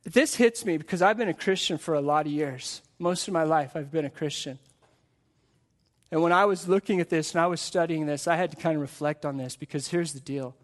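Brief: male pastor, high voice, earnest sermon delivery, keeps asking the room questions. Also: brisk. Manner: earnest, repeats rhetorical questions to the congregation. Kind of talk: live sermon. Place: church in front of a congregation.

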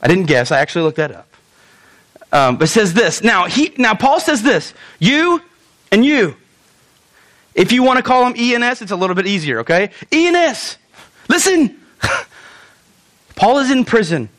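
A male pastor with a high voice preaches with lively humor. He breaks into dramatic, drawn-out pleading when he acts out quotes, then snaps back to quick asides to the congregation. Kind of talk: sermon.

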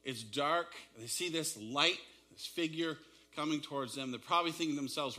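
A man's voice: a little high, animated, normal speed, bright, forceful tone. A man preaching a sermon, retelling a story dramatically with shifting pace and emphasis. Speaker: pastor.

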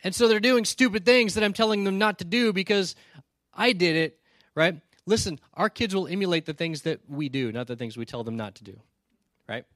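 A man's voice: high voice, lively intonation, fairly quick, a bit bright, no room sound, studio quality. A male pastor giving a sermon in a conversational, storytelling way, often checking in with "right?" and earnestly challenging his listeners.

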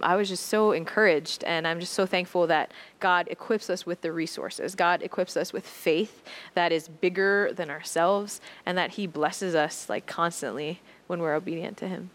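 A woman from Maui, Hawaii, co-hosting a faith podcast, telling a story in a lively, animated way and acting out what people said. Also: lowish voice. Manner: lively, animated, often laughing, acts out quotes. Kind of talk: casual storytelling.

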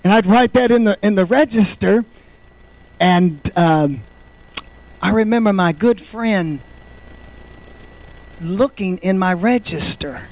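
High-voiced fervent preacher man in his fifties. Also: expressive, takes it slowly, pauses often, poor audio. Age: 50s. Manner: fervent preaching, swings from loud shouts to quiet storytelling. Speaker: pastor. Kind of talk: sermon.

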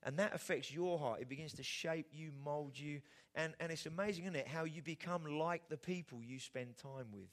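Man, middle-aged, pastor, conversational sermon, rhetorical questions, slightly high voice. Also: moderate pace.

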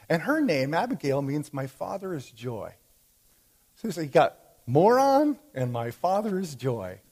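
Guy preaching a sermon, kinda high voice, chatty, lots of ums and restarts. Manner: conversational preaching with fillers and restarts. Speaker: pastor.

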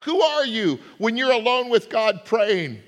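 A middle-aged man preaching a sermon, swinging between loud rising questions and low, quiet asides. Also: sing-song, a little slow. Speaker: pastor. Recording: long hall reverb.

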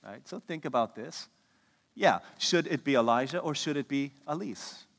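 Animated pastor preaching in an echoey hall. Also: male voice, mid-range voice, moderate pace, gravelly. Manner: conversational, animated, asks the audience questions. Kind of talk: sermon. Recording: long reverb of a large hall.

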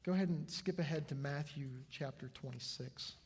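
A male pastor preaching a sermon with earnest swings between soft and loud delivery, in a church sanctuary. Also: fairly high pitch, moderate pace, a little hiss or hum. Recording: long hall reverb.

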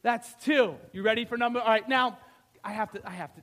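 A man in his thirties preaches with lively energy, firing rhetorical questions at his congregation. His voice sits very high for a man. He slips into short acted-out scenes while keeping a sermon's rhythm. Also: fairly quick. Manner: animated, rhetorical questions, acts out biblical figures.

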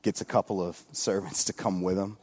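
A male pastor preaching a sermon at a church service, retelling a scripture story in a relaxed, joking way with lots of asides. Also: deep voice, fairly quick, slightly rough. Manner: casual storytelling with jokes and asides.

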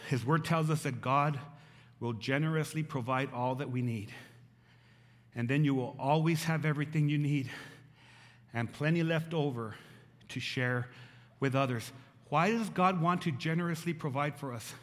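Pastor, middle-aged man with a high voice, emphatic and repetitive, lively delivery in a long-reverb hall. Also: moderate pace, pauses often. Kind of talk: sermon.

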